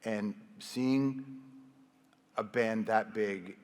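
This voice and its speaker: A man telling stories as a guest speaker on stage, animated and quick to act out the voices of people he quotes. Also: lowish voice, in a large hall. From Canada. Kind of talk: storytelling on stage. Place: large hall with audience.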